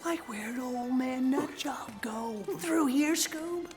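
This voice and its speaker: An actor playing a goofy, jittery slacker in a live-action film, with a high wavering voice that leans on "like". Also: male voice, takes it slowly, music in the background. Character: lanky goofy slacker young man, jittery. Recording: movie audio with score.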